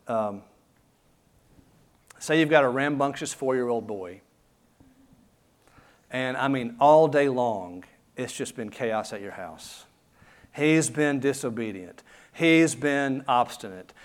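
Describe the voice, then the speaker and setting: A man delivering a sermon in an earnest, conversational way, speaking straight to the congregation and leaning on rhetorical questions. His voice sits at an ordinary middle pitch for a man. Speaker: pastor.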